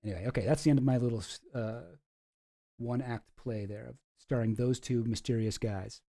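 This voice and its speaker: A man's voice: mid-range voice, steady tone, moderate pace, dark tone. A man giving casual, sarcastic commentary on photos, rambling and swearing freely. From Canada. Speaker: online commentator.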